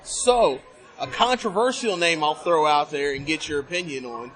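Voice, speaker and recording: A man's voice: on the high side, normal speed, fairly bright tone, slight background noise. A man hosting a casual podcast interview at a convention, who hypes up his guest and plugs his show. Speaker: podcast host. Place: busy convention hall.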